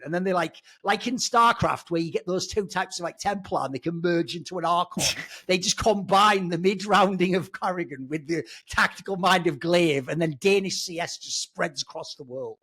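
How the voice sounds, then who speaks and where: A man's voice: high-pitched, animated, a little fast, fairly bright tone, husky. A man, an esports pundit rambling irreverently in casual podcast chat, sometimes swearing.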